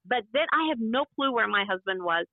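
A woman's voice: on the high side, animated, fairly quick, no room sound. Woman telling her story over a phone line. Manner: vivid, emotional retelling that acts out past dialogue. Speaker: interview guest. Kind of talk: personal storytelling in an interview. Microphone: phone call. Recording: dry, tinny phone line.

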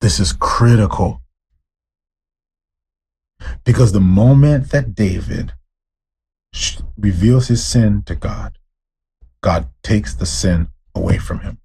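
A man's voice: fairly low pitch, slow, long pauses, mellow, breathy edge. A man preaching as pastor, fervent and direct with his listeners, driving points home with repeated rhetorical questions. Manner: admits to ranting, addresses listeners directly. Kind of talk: sermon.

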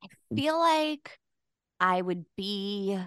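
A woman's voice: medium pitch, expressive, drawn-out words, smooth, dry recording. A giggly, teasing woman co-hosting a casual podcast chat. Her voice rises and falls animatedly, and the sound is dry and close to the mic. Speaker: podcast co-host.

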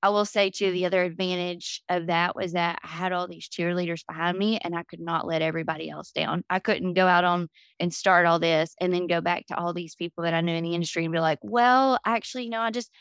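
A woman's voice: lowish voice, little pitch movement, quick pace, hardly any pauses, smooth, dry recording. A woman guest on a podcast, telling her story candidly and with lots of fillers. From Florida. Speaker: podcast guest, business owner. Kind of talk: casual interview talk.

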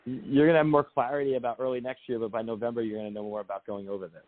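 A man hosting a call-in psychic show, giving readings in a quick, reassuring way and repeating his phrases. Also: mid-range voice, flat delivery, no echo. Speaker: psychic radio host. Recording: tinny phone line.

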